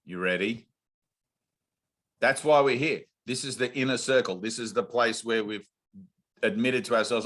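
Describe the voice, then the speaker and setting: A man's voice: mid-range voice, moderate pace, pauses often, fairly bright tone. A man leading a spiritual group session over a video call, blunt, intense and coaxing. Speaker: spiritual teacher.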